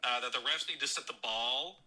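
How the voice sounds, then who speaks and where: Heated, foul-mouthed football fan, bright voice. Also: male voice, medium pitch, fairly quick, low-quality recording. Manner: swears constantly, mocking and heated. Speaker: caller leaving a voicemail. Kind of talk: profane fan rant.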